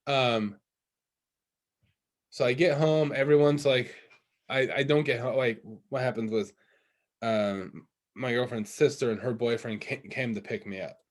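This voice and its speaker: A man's voice: mid-range voice, steady tone, unhurried, long pauses. Rambling young man telling a story. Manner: rambling storytelling with many fillers and restarts. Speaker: podcast co-host. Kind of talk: casual chat.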